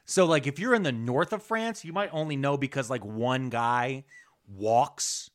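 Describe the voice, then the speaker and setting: A man's voice: medium pitch, unhurried. A man co-hosting a podcast, talking through history in casual chat, swearing freely and dropping into mocking quoted voices. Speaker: podcast co-host.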